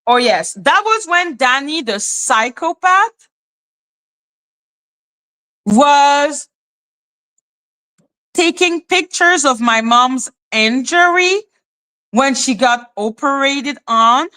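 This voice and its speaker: A woman on her own livestream, ranting in a heated, rambling way and leaning on "like" as filler. Her voice sits a bit high and comes across bright and forceful. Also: lively intonation, extremely slow, long pauses. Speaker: livestream host. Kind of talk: casual livestream rant.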